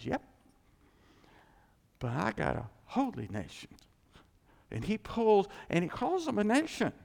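Male pastor, sermon, animated and jokey, wide swooping pitch, gravelly edge, long reverb of a church hall. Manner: animated, jokey, acts out God's voice. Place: church sanctuary.

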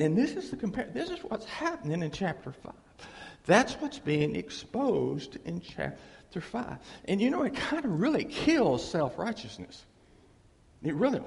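A man preaches an informal sermon in a folksy, lively way. His voice sits high and gravelly and swings widely in pitch. A long hall reverb trails after his words. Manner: folksy, animated, acts out dialogue, chuckles often.

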